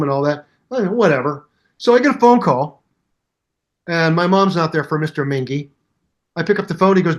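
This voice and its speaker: A man in his seventies, a musician guest in an interview, telling anecdotes in a hyper, animated way and acting out the voices of people in his stories. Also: fairly high pitch, moderate pace, long pauses. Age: 70s. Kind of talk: storytelling interview.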